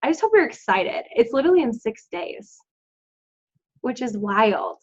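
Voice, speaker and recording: Upbeat woman coach, fairly high voice, chatty and encouraging, muffled lo-fi recording. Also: sing-song, moderate pace, darkish tone, breathy edge. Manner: bubbly and encouraging, lots of "like" and "um". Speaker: team coach leading a group call. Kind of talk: casual pep talk to a team. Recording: dull lo-fi sound.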